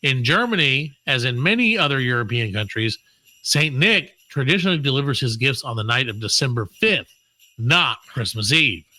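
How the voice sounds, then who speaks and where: A man co-hosting a comedy podcast, reading holiday trivia aloud with loud bursts, quick mutters and lots of swearing. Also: medium pitch, no echo, poor audio. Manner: animated, swings between loud bursts and mutters, profane. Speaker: podcast co-host.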